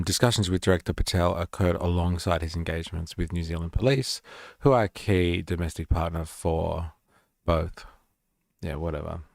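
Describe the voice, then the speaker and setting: A man's voice: low voice, vocal fry, no room sound, clean studio sound. A man with an Australian accent hosting a live stream, talking casually with sarcasm and plenty of swearing. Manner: sarcastic, swears freely, rambling.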